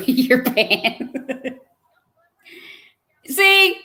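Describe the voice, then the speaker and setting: A woman's voice: high voice, lively intonation, extremely slow, pauses often, bright, forceful tone. Playful woman livestreaming. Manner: playful, teasing, laughs often. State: pregnant. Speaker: livestream host reading chat. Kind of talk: casual live chat.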